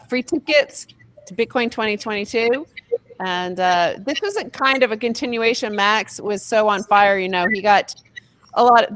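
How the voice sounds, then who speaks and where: A woman co-hosting a casual group chat over a call, excited and swearing freely. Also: medium pitch. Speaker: podcast co-host.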